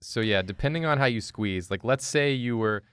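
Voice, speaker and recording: A man's voice: mid-range voice, animated, moderate pace, fairly bright tone, clean tone, no room sound, studio quality. A young man chatting casually while drawing, explaining ideas in a rambling way. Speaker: show artist.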